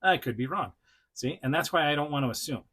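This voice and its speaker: A man with a slightly high, fairly bright voice and a breathy edge speaks quickly and animatedly. He's a toy reviewer hosting his own casual, unscripted vlog, laughing a lot and rambling with frequent fillers and self-restarts while chatting to the action figure he's showing off.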